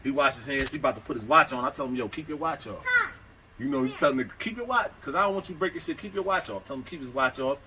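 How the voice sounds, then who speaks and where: A man from Buffalo, New York telling a story casually, in an animated and profane way as he acts out what people said. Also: medium pitch, racing, hardly any pauses, a little hiss or hum. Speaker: vlogger telling a prison story.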